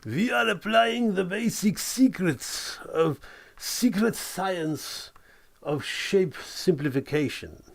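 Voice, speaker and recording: A man voicing a pompous male genius professor with a put-on French accent, announcing in a slow, grand manner. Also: sits high, lively intonation, vocal fry, pitched above the performer's own voice, full character voice. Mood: grandiose.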